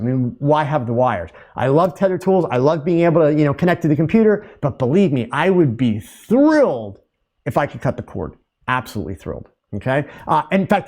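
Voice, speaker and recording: A middle-aged man hosting a live podcast Q&A, talking in an energetic, loud, animated way and telling stories. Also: on the high side. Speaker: podcast host.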